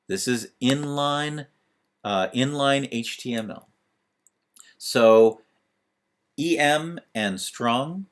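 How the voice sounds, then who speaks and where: A man's voice: medium pitch, a bit bright. A man teaching a screencast lesson on web pages, talking through each step as he types, with fillers. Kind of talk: screencast tutorial.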